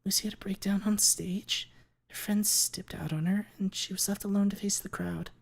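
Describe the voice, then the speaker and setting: A man voicing a pained, bitter teenage girl on the witness stand in whispered role-play, speaking quietly with a trembling, measured manner. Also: sits high, steady tone, voice pushed up, exaggerated voice. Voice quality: breathy whisper.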